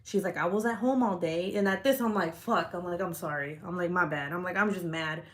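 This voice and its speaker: A woman's voice: on the low side, fairly quick. A young adult woman vlogger telling a heated neighborhood story in a casual, profane way, full of "like" fillers.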